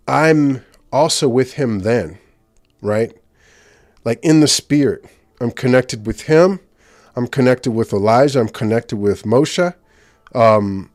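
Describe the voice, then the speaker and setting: A man preaching informally about deliverance prayer. He gets excited, speaks in quick bursts and keeps checking in with "right?". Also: mid-range voice, dry recording. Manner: excitable, rapid bursts, frequent "right?" tag questions. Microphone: handheld or stand mic, speaking to a live group.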